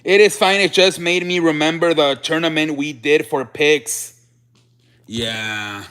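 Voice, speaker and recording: Speaking a little slowly, this young sports show host chats casually with his stream audience, reading their messages out loud. He rambles with frequent restarts, and his somewhat high voice comes across bright and forceful.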